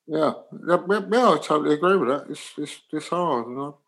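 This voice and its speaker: A man from England, a guest musician in his sixties, telling animated anecdotes in an interview. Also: a little high, a little fast, low-quality recording. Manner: animated anecdotes, acts out dialogue. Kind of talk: storytelling interview.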